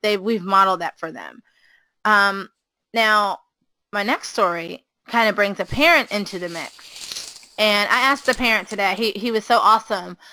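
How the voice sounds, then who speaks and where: Teacher type, a woman with a bright, forceful voice, an animated storyteller who jumps up in pitch for quotes, recorded dry. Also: normal speed, dry recording, rough recording. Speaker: preschool teacher. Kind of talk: casual storytelling chat.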